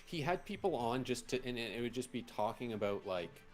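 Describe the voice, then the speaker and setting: A man's voice: medium pitch, animated, a little fast, soft background music. A man co-hosting a casual live stream, talking in loose, rambling sentences full of restarts. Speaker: co-host.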